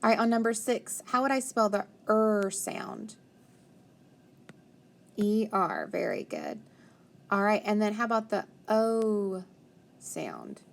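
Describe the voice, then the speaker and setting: A woman teaching a phonics lesson to young children, slowly sounding out letters and praising each answer. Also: medium pitch, very animated, gravelly. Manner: slow, encouraging, sounds out letters.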